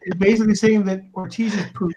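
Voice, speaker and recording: High-voiced man reading stream chat. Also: fairly even intonation, quick pace, darkish tone, dull audio. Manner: reads viewer comments aloud, chuckling, stumbling over names. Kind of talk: casual live stream chat.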